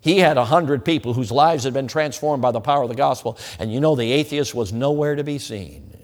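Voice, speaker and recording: Emphatic preacher in a reverberant hall. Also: male voice, medium pitch, a little fast. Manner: emphatic, swings between loud and hushed. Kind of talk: evangelistic sermon with altar call. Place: church sanctuary.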